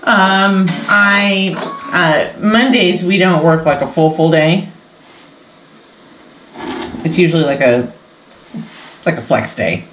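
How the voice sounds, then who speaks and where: A woman's voice: on the low side, slow pace, long pauses, a bit bright, roomy sound, slight background noise, rough recording. A woman hosting a casual sew-along quilting vlog from her home sewing room, talking in a chatty, rambling way and laughing often. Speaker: quilting channel host.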